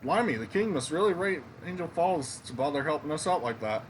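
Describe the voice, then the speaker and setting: A man's voice: a little high, expressive, brisk, a little hiss or hum, close to an everyday voice. A man voicing a rude, boastful young male villager who mocks and insults others in a video game. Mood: grumbling. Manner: mocking, insulting, swaggering.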